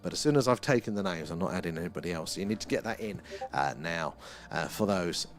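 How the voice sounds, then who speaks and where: A man's voice: low-pitched, expressive, quick pace. Chatty British man hosting a livestream. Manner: chatty, reads out viewer comments, laughs often. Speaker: livestream host. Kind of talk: casual live-stream chat.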